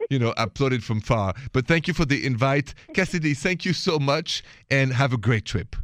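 A man's voice: mid-range voice, lively intonation, normal speed, fairly bright tone, no echo. French-accented male radio host, suave, chatty, dry close studio sound. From France. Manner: suave, chatty, laughs easily. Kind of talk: call-in radio show.

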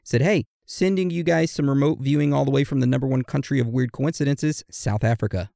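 A man co-hosting a podcast in casual chat, playfully reading out listener messages and birthday shout-outs. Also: mid-range voice, brisk, creaky, no room sound, studio quality. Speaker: podcast co-host.

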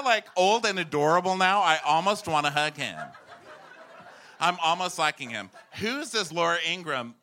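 A man from Texas, a podcast guest, delivering a loud, animated comedic rant full of swearing and sudden shouts. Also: mid-range voice, a little hiss or hum.

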